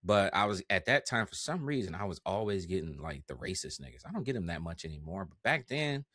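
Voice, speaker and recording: A young man, a content creator guest on a podcast, telling stories in a lively, slangy way and swearing freely. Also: low voice, fairly quick, no room sound, clean studio sound. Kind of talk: casual podcast chat.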